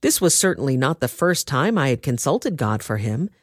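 A woman's voice: very deep voice, very animated, moderate pace, no room sound, studio quality, full character voice. A woman reading an older male priest who defends himself deferentially before a king. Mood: pleading. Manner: pleading, deferential.

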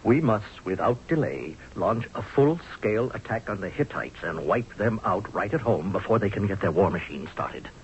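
Radio drama: hard-nosed sarcastic general, animated delivery, dull vintage broadcast sound. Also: male voice, on the low side, moderate pace, few pauses, a little hiss or hum. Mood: stern. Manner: sarcastic, forceful, pleading. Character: blunt scornful male Egyptian general. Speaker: actor. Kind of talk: 1970s radio drama acting.

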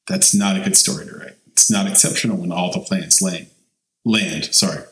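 Low-voiced man hosting in a roomy space. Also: moderate pace, a bit bright. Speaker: podcast co-host. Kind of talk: casual podcast chat.

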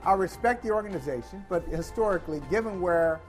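A high-pitched man argues football calls on a sports talk show, opinionated and animated. He stumbles and restarts as he builds his case. Faint music sits underneath. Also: fast talker. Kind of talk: casual sports debate.

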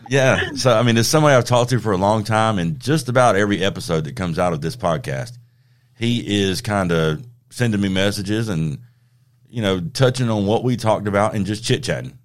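Male podcast host, lowish voice, easygoing storyteller who laughs a lot. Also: expressive, moderate pace. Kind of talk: casual chat.

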